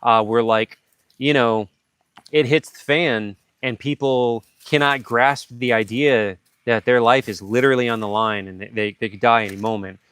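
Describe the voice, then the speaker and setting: A man hosting a livestream, telling a story casually and acting out sound effects and shouted lines. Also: mid-range voice, steady tone, normal speed, smooth, no echo. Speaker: livestream host.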